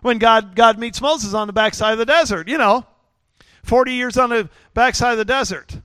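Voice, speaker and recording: A man's voice: very high voice, moderate pace, bright, forceful tone, clean tone, no echo, studio quality. A middle-aged man preaching a sermon in a folksy, joking way with lots of fillers. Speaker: pastor.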